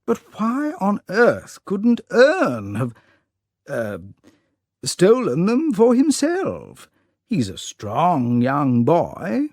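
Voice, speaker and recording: A man's voice: high-pitched, huge pitch swings, extremely slow, darkish tone, no echo, clean studio sound, voice pushed up, heavily acted. A man reading an audiobook, voicing a flustered elderly English lord who splutters indignant questions in a raised voice. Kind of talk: audiobook character voice.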